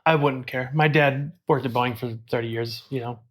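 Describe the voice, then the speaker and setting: A man's voice: mid-range voice, steady tone, moderate pace. A man co-hosting a casual talk podcast who works as an airport bartender. He gives blunt personal opinions and laughs easily. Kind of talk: casual chat.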